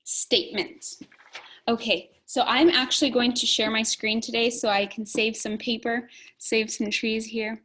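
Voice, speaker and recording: A woman teaching a phonics lesson to young children, slowly and clearly sounding out letters and words. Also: fairly high pitch, little pitch movement, a bit bright, low-quality recording.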